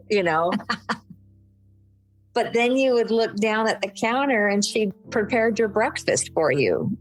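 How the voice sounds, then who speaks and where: A woman's voice: mid-range voice, animated, normal speed, faint music behind, rough recording. An older woman, an interview guest, speaking candidly about her late mother, laughing through tears now and then. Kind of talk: emotional conversational interview.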